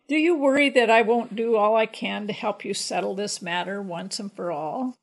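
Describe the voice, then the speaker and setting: Storybook wife, sweetly cunning and calm, read by a woman, gravelly voice. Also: medium pitch, moderate pace, natural voice, low-quality recording. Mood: coaxing. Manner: gentle, coaxing. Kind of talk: storybook reading.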